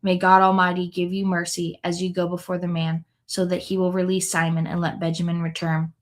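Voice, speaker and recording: A woman's voice: on the low side, completely flat delivery, fairly quick, lightly acted. Woman reading as a grieving old father. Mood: resigned. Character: grieving old man, father fearing loss.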